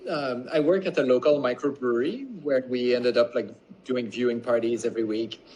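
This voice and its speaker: A man with a French accent chatting casually while baking, relaxed and self-deprecating, often laughing through his stories. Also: mid-range voice, normal speed, a little hiss or hum, rough recording. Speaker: home baker and co-host.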